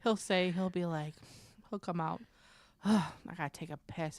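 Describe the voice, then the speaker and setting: Lower-voiced woman telling chatty family stories. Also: moderate pace, no room sound, clean studio sound. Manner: chatty, animated storyteller acting out family quotes. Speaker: podcast co-host. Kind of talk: casual chat.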